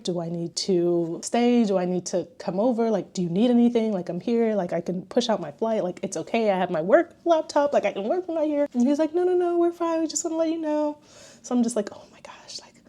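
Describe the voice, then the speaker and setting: A young woman vlogging a casual recap of her year in a chatty, animated way, with filler words throughout. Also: on the low side. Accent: Southern American. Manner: chatty and animated, says "like" a lot.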